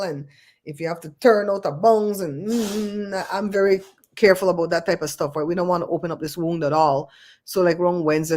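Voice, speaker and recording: A woman talks through a casual livestream in a chatty, expressive way. She moves from story to story, and she has a voice of ordinary pitch for a woman. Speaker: livestream host.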